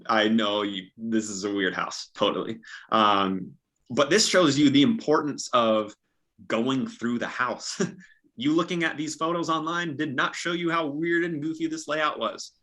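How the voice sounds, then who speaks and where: Bright-voiced young man giving upbeat sales tips. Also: medium pitch, measured pace. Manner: upbeat, practical, acts out sample dialogues. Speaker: real estate agent, guest. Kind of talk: casual coaching talk.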